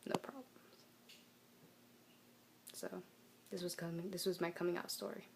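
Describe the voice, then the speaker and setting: A young woman telling a personal story to the camera in a soft, halting, emotional way. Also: lowish voice, little pitch movement, gravelly, slight background noise. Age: young adult. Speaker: vlogger.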